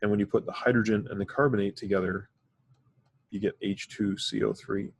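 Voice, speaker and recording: Speaking fairly quickly in a steady tone, a man with a fairly low, creaky and husky voice delivers a chemistry lecture recorded in class. His explanations proceed methodically, one step at a time, now and then broken by fillers.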